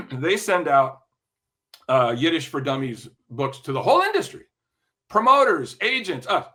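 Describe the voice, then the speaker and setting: An older man talking as a podcast guest, telling long anecdotes with lots of restarts and the odd throat clear. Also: fairly high pitch, bright, forceful tone. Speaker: podcast guest, music industry veteran. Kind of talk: casual interview storytelling.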